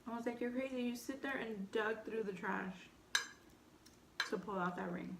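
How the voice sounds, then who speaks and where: A young woman with a light Texan accent casually telling a personal story between bites, animated and candid, full of "like". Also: mid-range voice, unhurried, reverberant, background noise. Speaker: vlogger. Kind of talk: storytime eating show chat.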